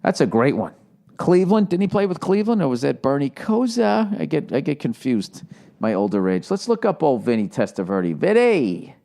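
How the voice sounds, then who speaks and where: A Boston-accented man in his forties hosts a casual solo podcast, rambling and swearing heavily, now and then slipping into shouted movie-gangster impressions. His voice is lowish and creaky.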